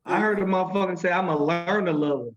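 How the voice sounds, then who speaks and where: A man co-hosting a casual podcast who chimes in with animated, profane remarks. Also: high-pitched, quick pace. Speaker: podcast co-host. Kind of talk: casual debate chat.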